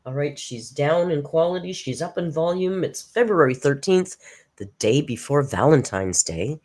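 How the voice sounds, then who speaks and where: A woman's voice: sits low, animated, moderate pace, darkish tone. A woman hosting a live reaction stream, chatting casually, greeting viewers by name and laughing often.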